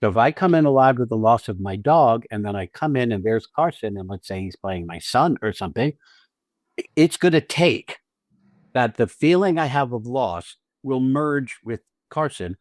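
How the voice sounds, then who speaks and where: A man's voice: medium pitch, expressive, moderate pace, no room sound. A man co-hosting a podcast on acting, explaining technique in casual chat, blunt and profane, stressing points and restarting phrases. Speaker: podcast co-host and acting teacher.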